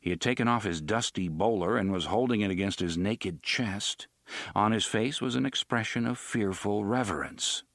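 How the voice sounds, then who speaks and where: A man narrating a story in an expressive audiobook style. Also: on the low side, moderate pace, dry recording, clean studio sound. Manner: expressive, varied delivery.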